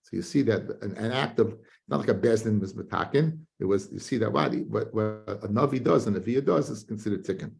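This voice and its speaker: Man, rabbi, Talmud class, gravelly voice, animated singsong. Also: lowish voice, fast talker, hardly any pauses, soft background music. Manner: animated, chanting study singsong with frequent restarts.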